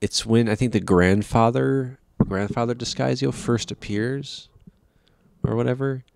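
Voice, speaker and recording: A man's voice: mid-range voice, fairly even intonation, unhurried, gravelly, a little mellow, no room sound. A man giving a casual, rambling film review, exasperated and profane, with frequent restarts.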